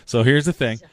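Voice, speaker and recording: A middle-aged man hosting a radio show, chatting casually and telling stories with frequent laughter. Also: medium pitch. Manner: chatty, storytelling, laughs often. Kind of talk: casual banter on air.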